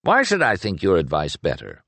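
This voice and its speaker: A man's voice: deep voice, wildly swooping pitch, moderate pace, gravelly, a bit bright, dry recording, exaggerated voice. A man voicing a stern, impatient investigator in an audiobook, speaking in curt, clipped lines. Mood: terse. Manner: curt, clipped speech through gritted teeth. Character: stern grim male investigator, terse and impatient. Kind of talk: audiobook character reading.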